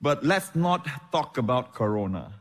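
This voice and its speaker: A man's voice: medium pitch, very animated, unhurried, in a large hall. A man preaching a sermon as pastor, calling for amens and explaining Hebrew words.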